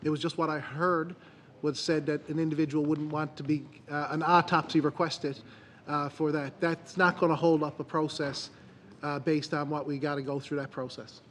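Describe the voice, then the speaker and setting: Earnest minister with flat speech. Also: male voice, on the high side, a little hiss or hum. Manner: earnest, halting, many restarts. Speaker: government minister. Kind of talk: parliamentary committee answer.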